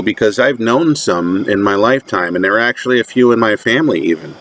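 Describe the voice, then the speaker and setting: A man from the United States, a religious commentator, delivers a sermon-like monologue with slow, deliberate and emphatic repetition. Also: on the low side, fairly bright tone, a little hiss or hum.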